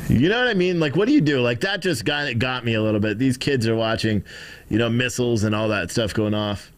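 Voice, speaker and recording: A man's voice: medium pitch, expressive, brisk. Chatty American man live-streaming. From United States. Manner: loose, chatty, talks to his chat. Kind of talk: casual live commentary.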